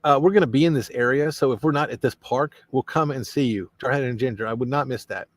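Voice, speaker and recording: A man's voice: mid-range voice, quick pace, soft background music. A man hosting a casual live stream, rambling in a friendly way as he reads viewer comments aloud and answers them. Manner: friendly, many fillers and restarts.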